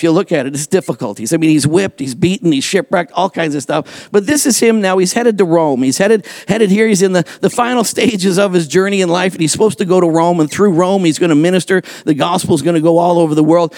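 High-voiced animated male preacher. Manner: animated, jokey preaching that acts out the people it quotes. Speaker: pastor. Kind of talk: sermon.

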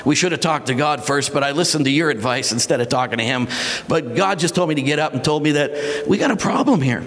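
A male pastor delivers a lively sermon with big swings in pitch, breaking into shouted, acted-out quotes. His voice sits a little high for a man. The hall around him gives a long, trailing reverb. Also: quick pace. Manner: animated, acts out dramatic voices and shouts.

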